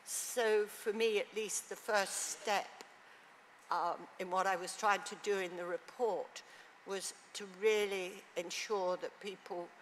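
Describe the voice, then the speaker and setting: A woman on a conference panel, speaking reflectively and haltingly with many restarts. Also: medium pitch, fairly even intonation, a little hiss or hum. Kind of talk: panel discussion. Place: conference hall. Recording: long hall reverb, faint ambience.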